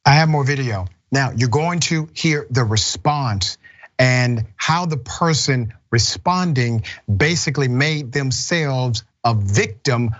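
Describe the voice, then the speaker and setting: A man's voice: medium pitch, a bit bright, muffled recording. A man hosting a news commentary show, blunt and indignant as he reacts to a clip. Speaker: host.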